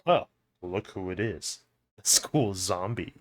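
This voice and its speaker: A man voicing a gruff teenage girl bully who teases in a slow, mocking drawl, reading game dialogue aloud. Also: deep voice, animated, voice pushed down.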